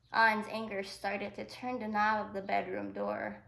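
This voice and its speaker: Slow, gravelly teacher reading aloud. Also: female voice, medium pitch, level tone. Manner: gentle, explaining asides to young listeners. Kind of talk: reading a picture book aloud to children. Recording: echoey room.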